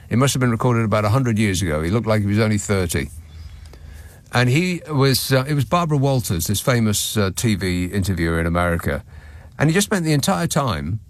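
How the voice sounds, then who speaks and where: During a late-night radio phone-in monologue, a male talk show host reads listeners' messages aloud, sardonic and chuckling, his pitch rising and falling a lot for emphasis. He speaks close to a studio microphone in a dry, dead room with no room sound.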